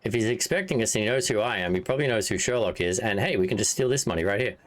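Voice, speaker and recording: A man's voice: fairly low pitch, expressive, racing. Chatty, amused male game streamer. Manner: chatty, amused, thinks aloud. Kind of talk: casual let's-play commentary.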